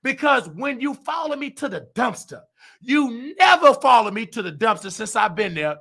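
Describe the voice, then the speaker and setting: A male show host, telling a story in an excitable, preachy rant that breaks into shouts. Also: extremely high pitch, moderate pace, gravelly. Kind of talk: animated personal storytelling.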